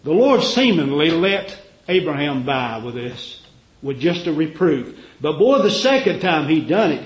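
A man preaching a fervent sermon, swinging from loud cries to low murmurs and acting out the voices of figures he quotes. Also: sing-song, measured pace. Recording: echoey, dull lo-fi recording.

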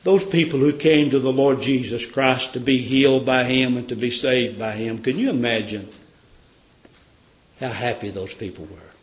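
A man's voice: mid-range voice, fairly even intonation, normal speed, roomy sound, highs cut off. Fervent storytelling preacher man. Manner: fervent storytelling, rhetorical questions. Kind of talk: sermon.

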